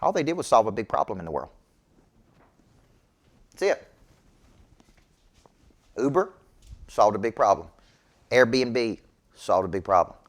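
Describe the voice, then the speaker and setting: A man's voice: lowish voice, expressive, a little slow, pauses often. A middle-aged man, giving a motivational business talk to an audience in an emphatic, preachy way. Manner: emphatic, preachy, repeats "okay?" to check in. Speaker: business coach.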